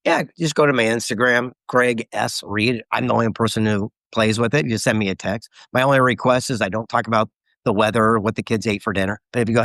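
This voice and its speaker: A man's voice: fairly low pitch, fairly even intonation, fast talker, gravelly, a bit bright, dry recording. A middle-aged man telling a story as an interview guest, animatedly quoting others. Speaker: guest author.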